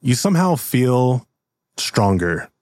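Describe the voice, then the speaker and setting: A man narrating a tabletop role-playing game as game master, in an animated, loose way. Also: mid-range voice, slow, no echo.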